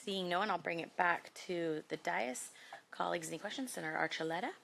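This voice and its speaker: A woman chairing a legislative committee hearing, moving through testimony and motions in a brisk, procedural way with a light joking touch. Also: lowish voice, gravelly, fairly bright tone.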